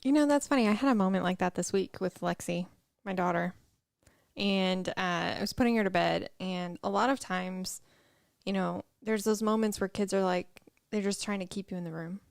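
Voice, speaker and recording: A middle-aged woman co-hosting a casual chat show, chatty and quick to laugh. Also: medium pitch, vocal fry, dry recording, clean studio sound. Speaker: co-host.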